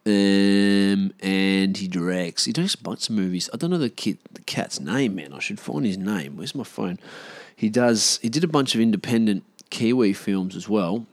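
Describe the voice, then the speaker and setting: A man's voice: on the low side, normal speed, no room sound. A man talking loosely to camera in a casual vlog, rambling with slang and restarts. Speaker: vlogger.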